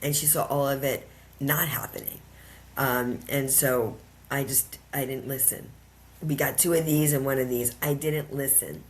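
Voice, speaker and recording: A woman's voice: rumbling low, fairly even intonation, measured pace. A woman guest on a podcast, telling a personal story earnestly with emphatic, repeated phrases. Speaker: podcast guest, empowerment coach.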